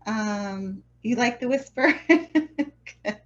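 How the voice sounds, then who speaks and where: Brief: higher-pitched woman, easygoing painting-stream host, chatty, trails off into mumbles, dull lo-fi audio. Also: expressive, very slow. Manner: chatty, laughs often, mumbles and trails off while working. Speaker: watercolor workshop host. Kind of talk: live-streamed painting lesson.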